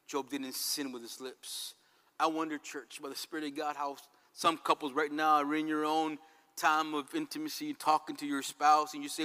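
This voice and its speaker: A man preaching a fervent sermon, swinging between loud calls and quiet passages. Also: a little high, flat delivery, normal speed. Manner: fervent, dramatic swings in loudness. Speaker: pastor. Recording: long reverb hall.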